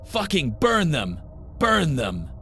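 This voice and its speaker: A man's voice: medium pitch, lively intonation, unhurried, a bit bright, faint music behind, voice pushed up. A man voicing a grief-crazed teenage boy who speaks in a strained, unhinged way. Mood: raging.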